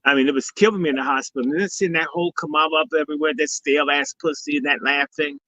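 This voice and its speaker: Bright-voiced man preaching on a call. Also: on the high side, fairly even intonation, rapid-fire, no room sound. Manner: preachy, blessing-style, profane. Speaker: guest speaker and summit organizer. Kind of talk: casual live-stream talk. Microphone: video call. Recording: dull lo-fi stream audio.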